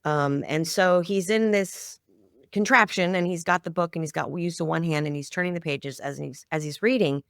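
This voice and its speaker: A woman's voice: on the low side, moderate pace, smooth, dry recording. A middle-aged woman telling a personal family story as a podcast guest, heartfelt and close to tears at times. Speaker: podcast guest, children's media founder. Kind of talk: interview storytelling.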